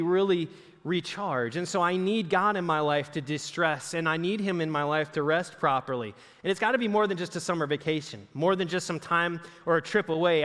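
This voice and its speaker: A man with a slightly high voice preaches a sermon, talking to the congregation easily and throwing them questions. His voice rings with the long reverb of a church hall. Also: a bit bright. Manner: conversational preaching with asides and rhetorical questions. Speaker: pastor. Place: church sanctuary.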